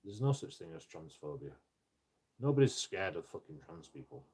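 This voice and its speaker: A man with a low, husky voice rants on a live stream. He rambles and swears freely, often tripping over his words and starting sentences again. His speech stays loose and unpolished. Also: sing-song, normal speed, a little mellow. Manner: rambling and profane, with frequent restarts. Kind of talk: casual live-stream rant.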